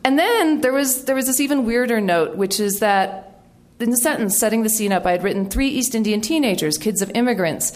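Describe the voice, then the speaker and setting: A middle-aged woman from the United States, an author giving a storytelling talk in a wry, animated way with quoted voices. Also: on the high side, brisk, hardly any pauses.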